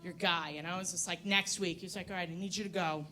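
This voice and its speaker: A woman's voice: on the low side, fairly even intonation, fast, sharp tone, a little hiss or hum. A woman in her forties doing a brash, profane stand-up comedy set on a comedy club stage, teasing the crowd. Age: 40s.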